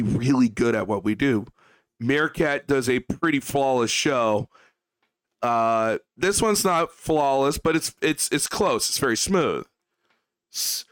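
A man's voice: medium pitch, fairly bright tone, clear, resonant tone, dry recording. A man ranting on his livestream, profane, heated and repetitive as he talks to his chat. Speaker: streamer.

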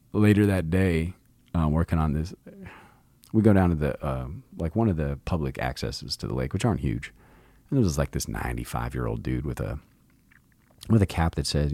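A man's voice: extremely low pitch, warm tone, no room sound. A middle-aged man hosting his own show, telling a rambling story in a laid-back, profane way and acting out the quotes. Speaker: podcast host. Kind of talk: casual storytelling monologue.

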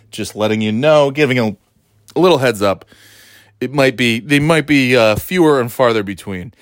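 A man's voice: mid-range voice, no room sound, clean studio sound. A man hosting his own podcast solo, talking loosely and offhand with chuckling asides. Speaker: podcast host.

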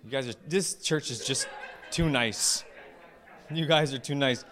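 A male pastor preaching to his church, retelling a story with playful asides and quick voices for the characters. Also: medium pitch, fairly bright tone. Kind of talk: lively storytelling sermon.

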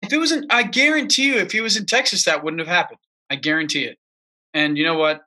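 A man's voice: sits high, quick pace, bright, forceful tone. A man co-hosting a casual political chat, ranting emphatically and repeating himself for emphasis. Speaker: podcast co-host.

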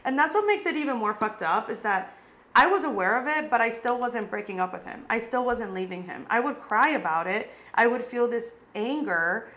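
A woman's voice: fairly high pitch, lively intonation, normal speed, fairly bright tone. Candid young woman telling her story. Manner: candid, frequent "like" fillers, swears freely. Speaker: podcast host. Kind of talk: casual personal storytelling.

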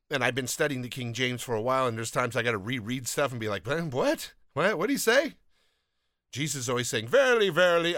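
A man's voice: mid-range voice, pushed and bright, dry recording, clean studio sound. A man hosting a Bible podcast, talking in an earnest, enthusiastic and self-deprecating way, often restarting his sentences, and reading scripture aloud. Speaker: podcast host.

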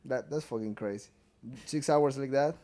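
A man's voice: medium pitch, normal speed, warm tone. Man from Ecuador, English. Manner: broken English, swears casually. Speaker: podcast co-host. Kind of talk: casual chat.

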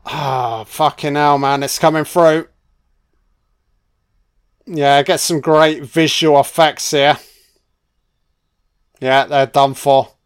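A British man giving a loud, swearing running commentary on a film, reacting bluntly to each scene as it plays. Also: a little high, fairly even intonation, takes it slowly, long pauses, clear, resonant tone.

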